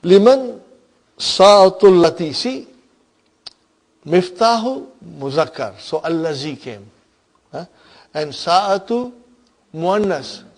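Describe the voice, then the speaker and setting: A man's voice: sits high, lively intonation, takes it slowly, long pauses. A man teaching an Arabic grammar class, patiently explaining terms and often checking that his students follow.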